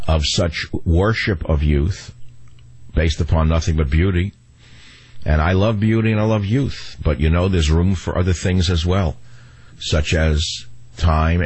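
A man's voice: extremely low pitch, darkish tone, breathy edge, dry recording. An older man hosting a talk radio show, rambling wryly and cracking jokes at a studio microphone. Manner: rambling, wry and joking. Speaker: radio host.

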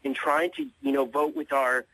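A man calling in to a talk radio show, speaking in a hesitant, halting way. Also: a little high, huge pitch swings, vocal fry, a bit bright, dry recording, rough recording. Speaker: caller.

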